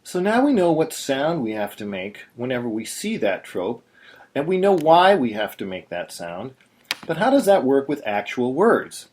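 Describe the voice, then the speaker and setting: A man's voice: medium pitch, big pitch swings, normal speed, a little mellow, a little hiss or hum. A man teaching in a patient, explanatory way, now and then breaking into short sung syllables. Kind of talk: screen-recorded tutorial.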